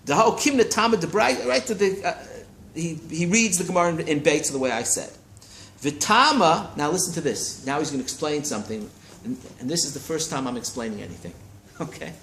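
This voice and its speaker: Man, Talmud teacher, lively swooping delivery, slightly raised pitch, roomy study-hall echo. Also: fairly quick. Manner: animated, keeps checking in with listeners. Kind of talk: Talmud class lecture. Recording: roomy echo, faint hiss.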